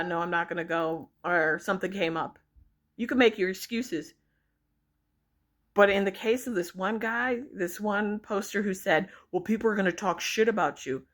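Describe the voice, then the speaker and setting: A young woman vlogging her opinions, blunt and exasperated, swearing freely as she rants to her viewers. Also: mid-range voice. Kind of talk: opinion rant to camera.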